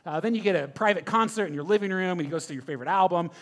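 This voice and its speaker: A man preaching a sermon, telling a story with animated questions to the congregation. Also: high-pitched, rapid-fire. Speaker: pastor.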